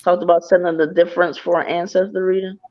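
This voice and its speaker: A woman's voice: fairly low pitch, level tone, fast, muffled recording. A woman giving a live psychic reading over a video call, earnest and encouraging as she speaks straight to the sitter. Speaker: psychic medium.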